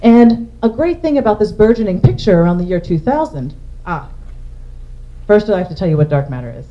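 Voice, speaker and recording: Animated and fairly quick, a woman astronomer of medium pitch explains her slides one step at a time in a public science talk. It's a dull, lo-fi lecture recording.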